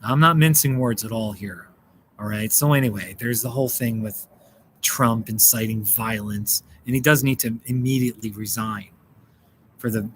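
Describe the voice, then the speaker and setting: A man's voice: fairly low pitch, fairly bright tone, slight background noise. An American man hosting a casual live stream, chatting with viewers, thanking them by name and laughing often. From United States. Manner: chatty, reads out and answers chat, laughs often. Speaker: livestream host.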